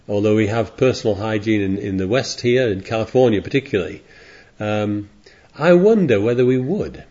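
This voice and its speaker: A man's voice: fairly low pitch, warm tone. A man preaching a sermon in a rambling, digressive way, reading scripture aloud as he goes. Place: congregation in California. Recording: dull lo-fi sermon recording.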